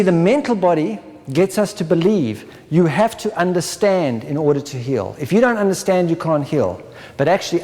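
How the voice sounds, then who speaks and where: A man with a somewhat raised pitch leads a spiritual workshop talk, keeps asking his listeners "right?" and slips into brief acted-out inner voices. The recording carries the long, lingering reverb of a large lecture hall. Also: mellow. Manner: checks in with listeners with a constant "right?"; acts out inner voices in short dramatized asides. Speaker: workshop presenter.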